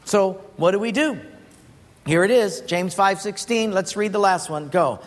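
High-voiced preacher telling a comic story. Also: male voice, normal speed, slight background noise. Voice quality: animated, comic storytelling with many fillers. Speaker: pastor. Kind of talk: storytelling sermon. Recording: long echo of a large hall, faint ambience.

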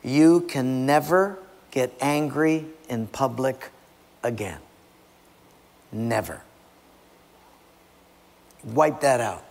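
Male preacher, emphatic sermon, gravelly voice, slightly high pitch, long hall reverb. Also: expressive, takes it slowly, long pauses. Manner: emphatic, direct, addresses listeners as students.

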